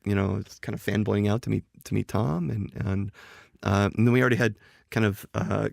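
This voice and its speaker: A man's voice: fairly low pitch, fairly quick, creaky, a little mellow, no room sound, studio quality. A man, a game designer guest on a podcast, telling a story animatedly, often restarting and acting out quoted dialogue. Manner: often restarts and repeats words. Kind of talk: casual podcast chat.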